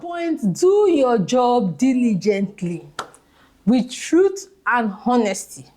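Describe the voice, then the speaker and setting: A woman's voice: a little high, a little mellow. A woman with a Nigerian accent giving advice in a casual vlog, emphatic and repeating key phrases for stress. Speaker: vlogger.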